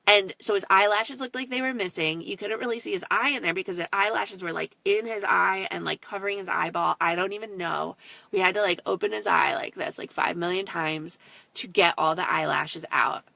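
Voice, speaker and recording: A chatty woman in her thirties talks straight into her phone on a live stream, rambling and swearing casually as she goes. Her voice is bright and forward, and the recording is dry and close. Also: medium pitch, fairly quick, vocal fry, no echo. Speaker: mom vlogger hosting a live stream.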